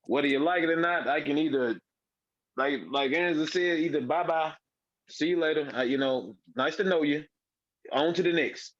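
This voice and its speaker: A man sharing his experience on a casual call, talking in a rambling, halting, folksy way. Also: fairly high pitch, no room sound, highs cut off. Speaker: team member sharing on a call. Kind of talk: casual chat.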